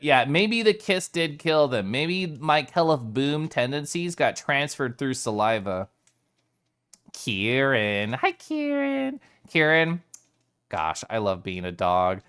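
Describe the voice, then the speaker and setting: A playful streamer in a loose, casual chat with viewers, the pitch swinging widely from low to high. They laugh often and break off to greet people by name. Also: a bit bright. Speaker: live streamer.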